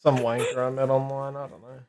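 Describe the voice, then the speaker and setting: A man's voice: medium pitch, level tone, brisk, background noise. A man chatting and teasing his friend while they play a game together. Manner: teasing, laughing banter. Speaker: teammate and friend. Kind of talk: casual gaming chat.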